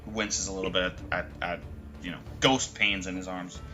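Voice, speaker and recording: A man from Canada narrating a tabletop game as game master over a video call, relaxed and hesitant, with many pauses and ums. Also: low voice, soft background music.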